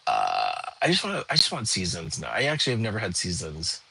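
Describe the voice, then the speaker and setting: A tired young man, hosting a relaxed livestream and chatting with viewers from home. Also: sits low, quick pace, vocal fry, slightly rough. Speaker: livestream host. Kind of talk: casual livestream chat. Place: home, lying down.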